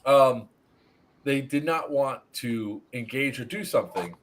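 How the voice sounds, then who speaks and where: A man's voice: mid-range voice, measured pace, slight background noise. A man hosting a casual review stream, telling stories with lots of swearing. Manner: animated, swears freely, storytelling.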